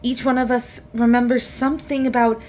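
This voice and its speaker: A woman's voice: fairly high pitch, little pitch movement, a little fast, a little mellow, slight background noise. A woman narrating a tabletop game as game master, voicing the characters in a playful way. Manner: playful, plays non-player characters.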